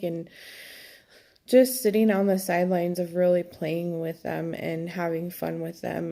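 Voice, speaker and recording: A young woman speaks candidly to her viewers in a personal vlog, pausing and restarting as she thinks aloud. Her voice sits low and carries a gravelly edge. The tone is mellow and fairly flat. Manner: candid, reflective, halting with many fillers. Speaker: vlogger. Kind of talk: personal vlog talking to camera.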